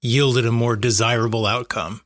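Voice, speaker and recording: A man's voice: medium pitch, flat delivery, moderate pace, a bit bright. A man hosting a podcast in an upbeat, conversational way. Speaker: podcast host. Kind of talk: casual podcast chat.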